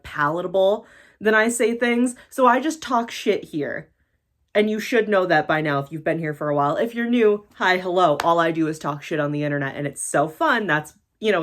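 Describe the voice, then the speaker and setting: A fairly low-pitched woman from the United States rants to her camera in a casual vlog, blunt and unfiltered. Her pitch leaps up and drops back down as she gets worked up, and she swears freely. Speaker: YouTuber.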